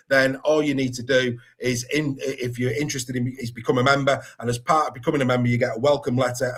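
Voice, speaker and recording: A man's voice: medium pitch, fairly bright tone. A man hosting a rugby league podcast, chatty and enthusiastic as he reads through a squad list. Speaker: podcast host. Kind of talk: casual sports podcast chat.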